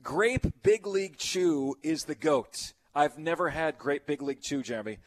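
A middle-aged man hosts a sports radio show with easy, rambling chatter. His voice sits a little high for a man. He riffs casually on listener messages. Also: animated, moderate pace.

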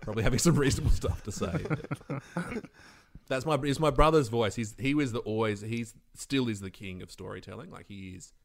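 Man, low voice, podcast guest, rambling casual chat, laughs through stories. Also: fairly quick, creaky. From Western Australia. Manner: rambling, laughing, trails off mid-sentence.

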